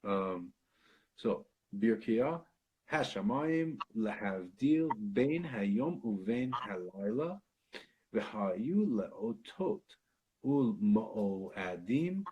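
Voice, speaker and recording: An American man leading a casual Bible study, reading verses aloud and thinking out loud between them, with the odd swear and laugh. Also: on the low side, breathy edge, poor audio. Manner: thinks aloud, swears, laughs, reads Hebrew then explains.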